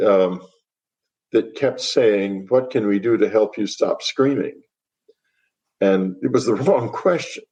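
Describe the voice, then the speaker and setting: Low-voiced older man, wry and reflective. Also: darkish tone. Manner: reflective, wry, pauses and restarts. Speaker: guest author. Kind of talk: podcast interview.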